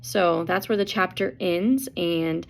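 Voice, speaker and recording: A woman's voice: lowish voice, takes it slowly, gravelly, slight background noise. A woman teacher casually summarizing a book chapter, chatty and full of fillers, acting out quotes as she goes.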